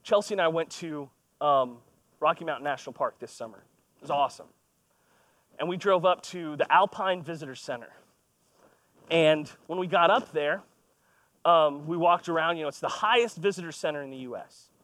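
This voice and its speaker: A man in his thirties delivers a sermon as a relaxed, conversational story, poking fun at himself along the way. His voice sits fairly high for a man. The recording is close and dry, with no room echo. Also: moderate pace. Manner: conversational, storytelling with self-deprecating humor. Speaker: pastor. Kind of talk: sermon with personal stories.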